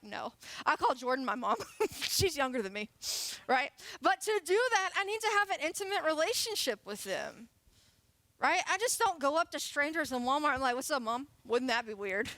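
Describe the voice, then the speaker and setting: Playful high-voiced young woman preaching. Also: animated, fairly quick, a bit bright, no room sound. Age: late 20s. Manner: chatty, playful, laughs often. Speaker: youth pastor. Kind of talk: sermon. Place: church sanctuary.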